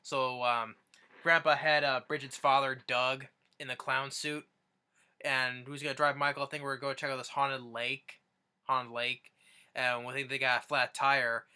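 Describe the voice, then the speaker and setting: Bright-voiced man, casual rambly recap host, lots of ums and restarts. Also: medium pitch, level tone, normal speed, clean tone. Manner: rambling, many restarts and fillers. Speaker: YouTuber.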